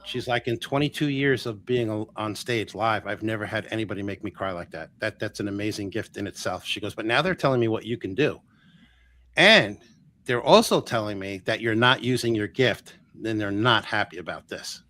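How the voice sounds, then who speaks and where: A man telling a long personal story in an interview, lively and full of restarts, acting out the voices of the people he quotes. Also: on the low side, a little fast. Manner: animated, acts out quoted voices, many ums and restarts. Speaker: guest healer.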